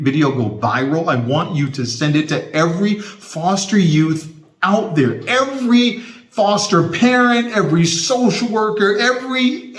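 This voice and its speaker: A man's voice: a little high, roomy sound. A man giving an impassioned motivational talk straight to his viewers, repeating his points with heavy emphasis. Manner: impassioned, repetitive and emphatic, emotional to the point of tearing up. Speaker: motivational speaker.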